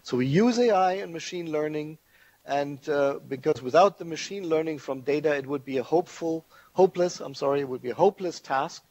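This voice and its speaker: Husky-voiced male lecturer. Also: a little high, a little fast, a little mellow, dry recording, poor audio. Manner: thoughtful, restarts words, explains step by step. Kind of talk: academic lecture.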